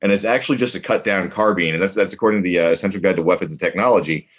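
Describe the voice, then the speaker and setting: Deep-voiced man talking animatedly. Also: racing, breathy edge. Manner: knowledgeable, animated, detail-heavy. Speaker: podcast co-host. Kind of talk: casual chat.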